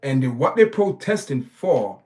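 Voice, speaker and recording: A man hosts his own livestream, delivering preachy, emphatic opinion commentary packed with repeated words and restarts. His medium-pitched voice swings widely in pitch, with a measured pace and a slightly mellow quality.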